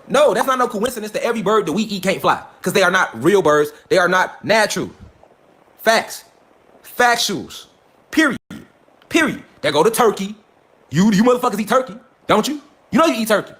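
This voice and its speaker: A man's voice: sits high, animated, quick pace, a bit bright. A middle-aged man delivering a profane, emphatic conspiracy lecture, preaching directly to his listeners. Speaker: online lecturer. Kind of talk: fringe conspiracy monologue. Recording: echoey room.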